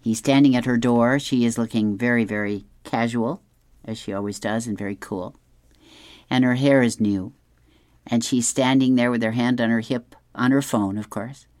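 A man's voice: medium pitch, steady tone, a little mellow, no room sound. A man hosting a radio show, reading an advice column and describing comic strips aloud with amusement. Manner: unhurried, amused, chuckling while reading. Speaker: radio host.

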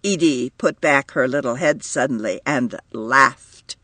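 A man reading a story aloud as narrator, measured and expressive. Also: medium pitch, husky, dry recording. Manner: measured, lively intonation. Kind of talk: audiobook reading.

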